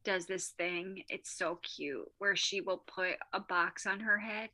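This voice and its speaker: A woman co-hosting a podcast in casual chat, telling lively stories and laughing often. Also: fairly low pitch, unhurried. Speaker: podcast co-host.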